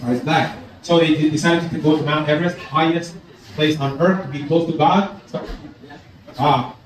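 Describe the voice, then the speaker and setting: A man in his sixties doing a stand-up comedy set in a club, animated and acting out voices in his jokes. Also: a little high, normal speed. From Iran. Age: 60s. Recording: roomy club sound from a distance, audience laughter.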